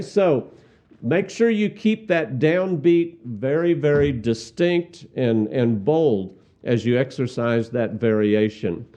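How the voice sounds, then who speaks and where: Slow-talking man teaching song leading. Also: mid-range voice, mellow. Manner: deliberate, repeats words, sings hymn lines while conducting. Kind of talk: instructional demonstration with sung examples. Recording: slightly dull, muffled sound.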